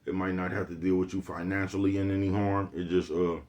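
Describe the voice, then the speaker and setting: A man's voice: low voice, flat delivery, a little fast, darkish tone. A man giving a laid-back motivational vlog monologue, who keeps repeating "you know what I'm talking about.". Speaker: vlogger.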